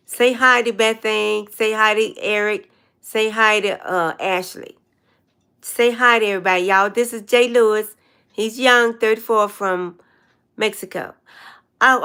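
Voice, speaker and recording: Here the older woman running the casual livestream has a mid-range, clean, slightly bright voice. A meandering storyteller, she drifts through long tales and says hello to viewers.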